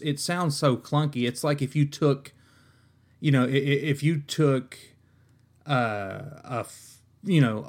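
A man hosting a podcast, ranting in a comic, exasperated way, swearing often and restarting his sentences. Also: medium pitch. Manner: exasperated, profane, rambling with many restarts. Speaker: podcast host. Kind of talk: comedic rant.

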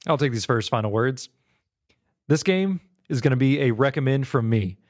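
A man co-hosting a gaming podcast over a call, his voice mid-pitched and easygoing. He rambles casually with plenty of fillers. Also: normal speed. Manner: relaxed, chatty, lots of "like". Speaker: podcast co-host. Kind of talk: casual chat.

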